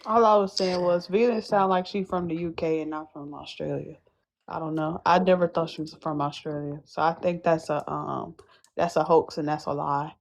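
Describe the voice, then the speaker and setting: A woman's voice: deep voice, fairly even intonation, moderate pace, creaky. A woman in a casual live stream chat, blunt and teasing.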